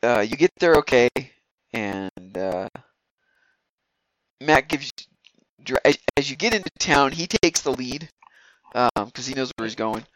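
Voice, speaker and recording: Man running a tabletop game, rambling narration, medium pitch, dry close recording. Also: animated, measured pace, pauses often, fairly bright tone, no echo, low-quality recording. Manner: rambling, many fillers and restarts. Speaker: game master.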